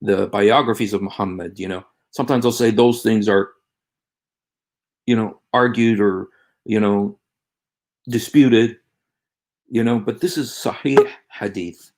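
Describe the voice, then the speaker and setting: A man hosting a casual livestream in a low, gravelly voice. He rambles and halts, filling his pauses with restarts and fillers. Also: fairly even intonation, darkish tone. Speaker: livestream host.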